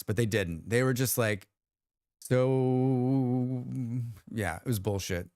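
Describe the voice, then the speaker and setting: Speaking slowly in a clean, medium-pitched voice, this man hosts a livestream where he swaps casual talk and stories with viewers. He performs other people's lines with animation and curses without restraint, captured in dry studio quality.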